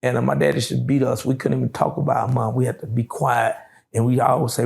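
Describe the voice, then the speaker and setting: A middle-aged man telling his life story in an interview, slow and drawling with many fillers. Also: mid-range voice, fairly even intonation, gravelly, a little mellow. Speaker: interview guest.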